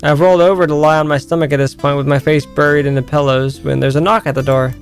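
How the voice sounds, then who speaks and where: A man's voice: a little high, steady tone, fast, faint music behind. A man streaming a story game, reading the narration aloud and breaking off to chat with and thank his viewers.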